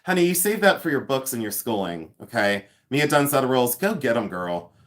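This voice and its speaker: A man from the United States hosting a casual livestream from his home. He jokes, laughs a lot and talks loudly, and he has a runny nose. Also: mid-range voice, fairly quick. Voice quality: animated and joking, laughs often. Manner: loud, calls out from across the house. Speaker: livestream host. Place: home, moving between rooms.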